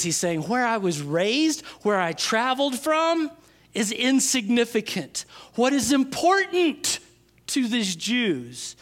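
A man preaching a sermon, stressing key phrases with slow, drawn-out words and swinging from loud to hushed. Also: very high-pitched. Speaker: pastor.

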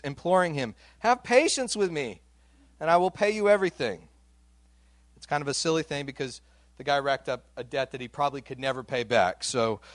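A man's voice: a little high, a bit bright, no room sound. A man preaching a sermon in a conversational way, reading scripture aloud and giving its quoted lines some voice. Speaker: pastor.

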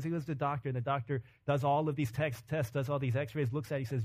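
A man preaching a sermon with animated delivery, acting out voices in quotes. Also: fairly high pitch, fast talker, hardly any pauses. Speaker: pastor.

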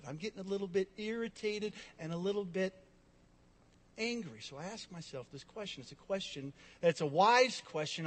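A male pastor preaching a sermon, telling a personal story and swinging between loud emphasis and quiet, drawn-out asides. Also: fairly high pitch, in a large hall.

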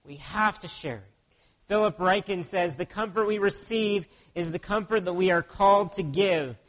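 A man with a notably high voice delivers a sermon as a pastor. He speaks earnestly and keeps turning to his listeners with rhetorical questions. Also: moderate pace, fairly bright tone.

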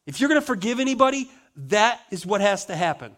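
A male pastor preaching a sermon dramatically, slowing down for emphatic stresses and dropping to soft asides. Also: sits high, sing-song.

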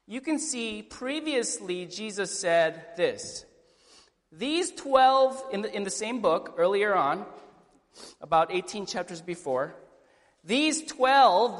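A man delivers a sermon from a church pulpit, his voice sitting high for a man. He is animated, firing off rhetorical questions and acting out the quotes he cites. The sound carries a long hall reverb. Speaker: pastor.

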